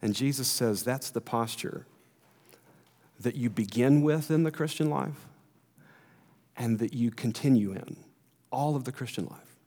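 A man's voice: mid-range voice, unhurried, long pauses, darkish tone. A man preaching a sermon as a pastor, earnest and emphatic, often repeating words as he builds a point, in a church sanctuary. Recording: long hall reverb.

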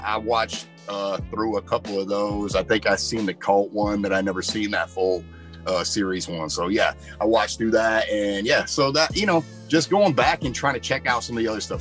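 A man's voice: fairly low pitch, a bit bright. A man from the United States talking as a guest musician in a casual interview, laid-back and slangy, rambling a little.

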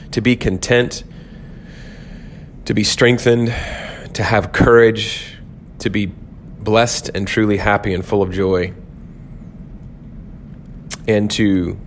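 A man's voice: fairly low pitch, a little hiss or hum. A man hosting his first devotional podcast, teaching on a psalm in an earnest, thoughtful way and often restarting his sentences. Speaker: podcast host, pastor.

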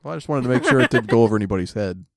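A man's voice: medium pitch, animated, racing, gravelly, a crowd in the background. A man co-hosting a podcast in casual chat, teasing his partner with dry jokey asides. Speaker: podcast co-host.

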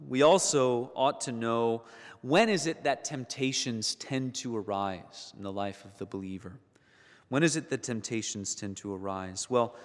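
A man's voice: mid-range voice, a bit bright. A man preaching a sermon earnestly, rising to emphatic peaks and repeating words as he searches for phrasing. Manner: earnest, building to emphatic peaks on key points. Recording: long hall reverb.

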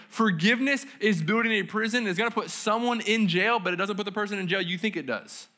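Bright-voiced man preaching casually. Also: high-pitched. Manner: casual, conversational preaching with slang and audience questions. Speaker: pastor. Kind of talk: sermon. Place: church service.

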